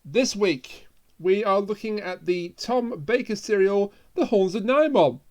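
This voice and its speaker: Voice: mid-range voice, expressive, measured pace, a little mellow. A podcast host in casual chat, joking around, laughing often and stumbling over words. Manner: jokey, laughs a lot, trips over words.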